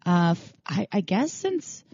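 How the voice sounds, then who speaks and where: Woman co-host, gravelly mellow voice, chatty, dry lo-fi sound. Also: lowish voice, sing-song, measured pace, no room sound. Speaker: sex podcast co-host. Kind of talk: casual podcast chat.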